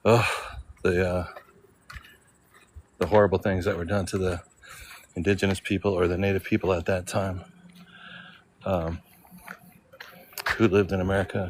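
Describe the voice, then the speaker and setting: A man's voice: low voice, little pitch movement, moderate pace, pauses often, slight background noise, rough recording. A man vlogging as he walks through a sunny outdoor cemetery, rambling and thinking aloud, often asking himself questions. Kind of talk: casual walking vlog. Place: outdoor cemetery in full sun.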